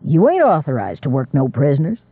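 Man putting on an older squire, drawl, gruff, dry, deep, lively pitch. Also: brisk, no room sound, narrow, tinny audio, heavily acted.

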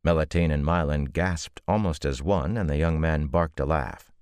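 Very deep-voiced male audiobook narrator. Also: darkish tone, clean tone, no room sound, studio quality. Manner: measured, deep-voiced reading with voiced characters. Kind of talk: scripted narration.

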